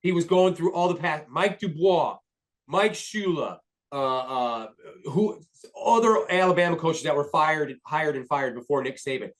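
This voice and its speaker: Excitable, rambling male sports podcaster. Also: fairly high pitch, a little slow. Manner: excitable, rambling, restarts often, swears. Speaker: podcast co-host. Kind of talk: casual sports talk.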